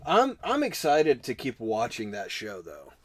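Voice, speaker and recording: A man's voice: mid-range voice, wildly swooping pitch, unhurried. A man co-hosting a casual podcast, telling stories in a rambling, self-correcting way and mimicking what others said. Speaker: podcast co-host. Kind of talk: casual chat.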